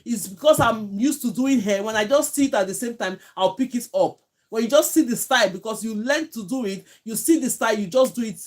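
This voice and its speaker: A woman's voice: a little high, a little fast. A woman from Nigeria with a Nigerian accent, teaching hair braiding on a live stream from home, chatting and thanking viewers by name. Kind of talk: live-stream tutorial chat.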